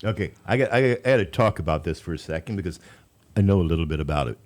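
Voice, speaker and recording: A deep-voiced man hosts a local radio talk show. He is chatty and full of advice, and his words tumble and repeat as he goes. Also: lively intonation, racing. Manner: chatty, coaching, trips over his words. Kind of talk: casual radio interview chat.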